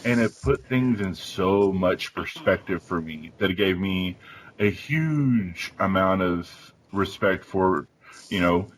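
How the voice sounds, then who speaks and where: A man in his thirties hosting a round-table discussion, telling an animated story with acted-out family dialogue. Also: sits low, slow pace, slight background noise, poor audio. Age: 30s. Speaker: podcast host.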